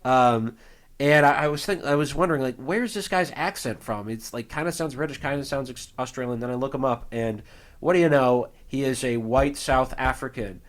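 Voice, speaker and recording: A man's voice: medium pitch, normal speed. Rambling American man podcast host. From United States. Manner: rambling, frequent fillers and restarts. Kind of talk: casual chat.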